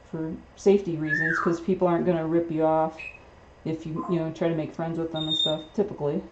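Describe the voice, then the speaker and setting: Woman host, somewhat low voice, casual rambling livestream storytelling, dull lo-fi sound. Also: little pitch movement, a little fast, heavy background noise. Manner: rambling, with many fillers and restarts. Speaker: pet bird channel host.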